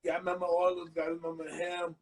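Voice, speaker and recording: A middle-aged man speaking as an interview guest, soft-spoken and halting, often repeating himself. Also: a little high, completely flat delivery, low-quality recording. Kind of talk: casual interview chat.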